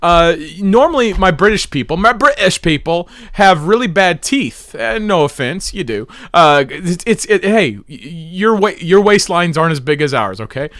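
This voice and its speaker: A man's voice: sits high, sing-song, normal speed, hardly any pauses, a bit bright, no echo. Mocking, dry-voiced male stream host. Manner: mocking, laughing, rambling. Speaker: livestream host. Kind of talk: livestream commentary.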